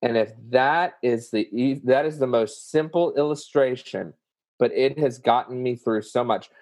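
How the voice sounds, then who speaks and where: A man's voice: medium pitch, measured pace, a little mellow, dry recording. A man with a Southern US accent, speaking earnestly and emotionally as a guest, sharing vivid personal examples. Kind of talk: candid conversation about emotions.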